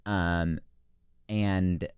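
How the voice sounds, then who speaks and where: A young man with a very deep, smooth voice tells a long story from his camp counselor days. His speech rambles and leans heavily on "like" and "um". The sound is dry and close. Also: steady tone, extremely slow, darkish tone, no room sound. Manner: rambling, heavy use of "like" and "um". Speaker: guest, former camp counselor. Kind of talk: casual storytelling.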